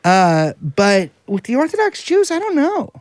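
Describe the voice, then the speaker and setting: A man's voice: extremely high pitch, wildly swooping pitch, unhurried, dry recording. A man co-hosting a casual podcast, rambling and sardonic, wandering through digressions. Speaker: podcast co-host.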